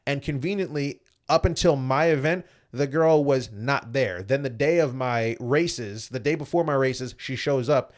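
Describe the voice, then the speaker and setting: A young man, a former Olympic athlete, telling his story as a guest in a casual interview and acting out the dialogue he recalls. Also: mid-range voice. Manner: fast animated retelling, acts out quoted dialogue.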